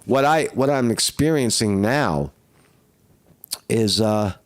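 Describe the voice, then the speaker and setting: A man who is sick with the flu, with a rough throat, rambling and swearing in a casual live-stream monologue and often asking "right?". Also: fairly low pitch, expressive, slow pace. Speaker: vlogger.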